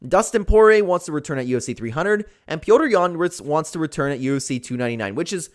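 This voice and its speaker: A man's voice: a little high, lively intonation, quick pace. A young man giving casual, opinionated commentary on fight news, with lots of fillers like "like" and "man".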